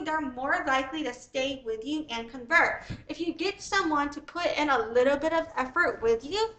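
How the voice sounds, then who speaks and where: A woman's voice: high voice, sharp tone, poor audio. A woman reading her own business ebook aloud, then explaining it in a blunt, profane, rambling way.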